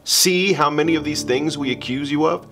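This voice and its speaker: A man reading the lines of a stern male Roman governor, measured and questioning. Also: fairly high pitch, a bit bright.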